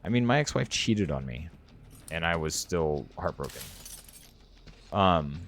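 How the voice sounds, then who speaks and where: A man's voice: deep voice, expressive, a little slow, fairly bright tone, slight background noise. A man in his thirties chatting on a live game stream, earnest and openly emotional, rambling as he talks to his viewers. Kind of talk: casual live-stream chat.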